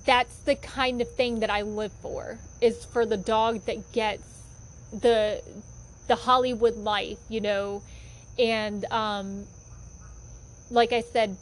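A dog foster volunteer tells personal stories about fostering in a casual, chatty monologue, full of fillers and heartfelt to the point of getting emotional. Her voice is a little high, and the rough recording carries some hiss or hum.

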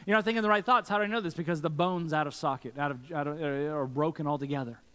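Earnest preacher man, higher voice. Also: quick pace, bright, forceful tone. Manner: earnest, preaching with many rhetorical questions. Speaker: pastor. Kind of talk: sermon. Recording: long reverb from a church hall.

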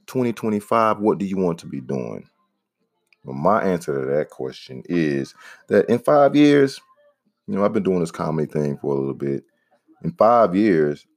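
A man hosting a casual podcast, rambling in a laid-back way and giving shout-outs to listeners. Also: a bass voice, dry recording, clean studio sound. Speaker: podcast host; comedian.

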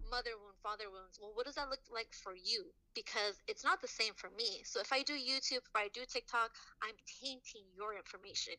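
A woman's voice: a little high, bright, forceful tone, poor audio. A woman guesting on a podcast, speaking in a casual, reflective and earnest way.

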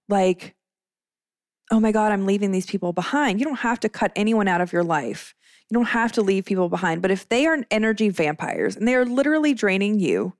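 A woman's voice: mid-range voice, no echo, studio quality. A woman in her thirties hosting a podcast, telling a personal story in a candid, chatty way. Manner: candid and chatty, many fillers. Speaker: podcast host.

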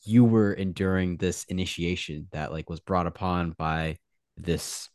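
Brief: male podcast host, low voice, casual and reflective, dry sound. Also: steady tone, measured pace, darkish tone, clear, resonant tone, no room sound. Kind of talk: casual chat.

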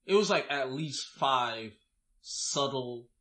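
A man's voice: mid-range voice, animated, takes it slowly, bright, forceful tone. A man from Guyana telling a story in casual, slang-heavy chat with friends.

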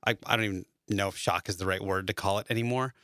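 A man hosting a podcast in casual chat, telling relaxed anecdotes with a few hesitant fillers. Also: on the low side, fast, no echo, clean studio sound. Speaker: podcast host.

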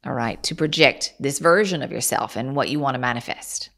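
A woman voicing a gentle collective of otherworldly star beings. She addresses the listener formally and calls them dears, with slow, measured phrasing and soft hums between thoughts. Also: rumbling low, creaky, heavily acted. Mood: welcoming. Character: collective of ninth-dimensional Pleiadian beings, gentle and welcoming. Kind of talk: channeled speech.

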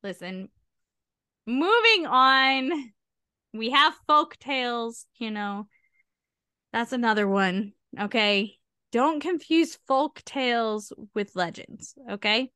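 A woman co-hosts a casual podcast chat, taking her time over every phrase. Her voice is bright and fairly high, and it sits close and dry with no room sound. She talks in animated, emphatic bursts and often checks in with the listener. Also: takes it slowly, clean tone, no room sound. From United States. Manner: animated and emphatic, asides with "okay?". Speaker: podcast co-host.

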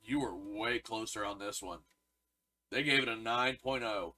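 A man's voice: on the low side, moderate pace, sharp tone, rough recording. A man co-hosting a casual podcast, reading out review scores in a dry, matter-of-fact way. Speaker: podcast co-host. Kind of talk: casual movie review chat.

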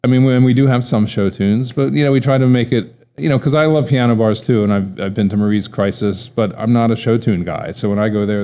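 A man talks casually about the bar he runs, relaxed and hesitant. His voice is mellow, warm and rather low. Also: creaky. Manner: relaxed, laughs easily, hesitant. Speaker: interview guest, piano bar owner. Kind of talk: casual interview answers.

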